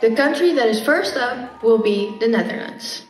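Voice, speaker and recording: A woman's voice: on the high side, lively intonation, normal speed, slight background noise. Playful woman hosting a mock contest. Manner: formal announcer tone, playful. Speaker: host. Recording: echoey room, from far off.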